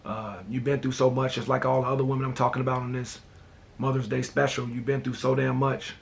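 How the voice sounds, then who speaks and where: A man with a gravelly, rough-edged voice hosts a casual talk show. He tells family stories in a laid-back, rambling way and keeps dropping "man" and "you know." His voice sits at a middle pitch. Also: flat delivery, a little fast, a little hiss or hum. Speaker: host. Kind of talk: casual personal storytelling.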